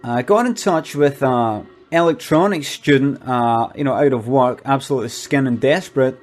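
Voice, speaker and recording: A shifty product promoter, voiced by a man stumbles through his pitch in a middling, unremarkable voice. He hesitates constantly and stays deadpan throughout. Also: moderate pace, soft background music, close to an everyday voice. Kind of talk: comic monologue.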